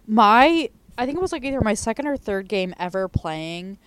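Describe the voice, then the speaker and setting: A woman with a smooth, clear voice, chatting casually and telling funny anecdotes. She acts out quotes from other players in a playful tone. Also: mid-range voice, big pitch swings, moderate pace, no echo. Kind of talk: casual chat.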